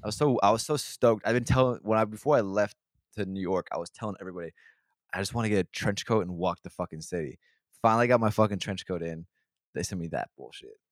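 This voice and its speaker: Low-voiced man telling a profane story. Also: animated, fast talker, no echo, clean studio sound. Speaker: podcast host. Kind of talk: casual chat.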